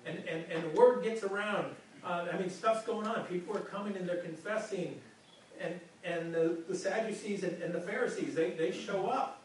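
A man's voice: high-pitched, normal speed, a little hiss or hum. A male pastor giving a conversational sermon, often repeating words as he speaks. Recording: echoey room from far off.

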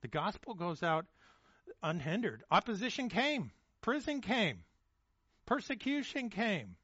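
A man's voice: high voice, big pitch swings, unhurried, a bit bright, breathy edge, dry recording, lo-fi sound. A man preaching a sermon in a casual, conversational way, often repeating words as he restarts and checking in with "okay?" and "right?". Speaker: pastor.

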